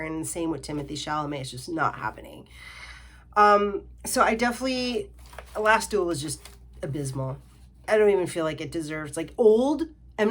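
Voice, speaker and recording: A young adult woman reviewing films in a sarcastic, exasperated rant, full of "like" and "you know.". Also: medium pitch. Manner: exasperated, sarcastic, filler-heavy ranting. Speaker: film reviewer. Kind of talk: ranting film review vlog.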